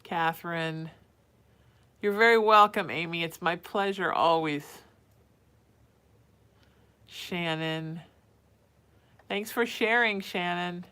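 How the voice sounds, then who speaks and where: A woman's voice: fairly low pitch, slow, long pauses, bright, forceful tone, smooth. A woman psychic hosting a casual live stream, reading out viewer names and cooing at her cat between readings. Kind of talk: casual livestream chat.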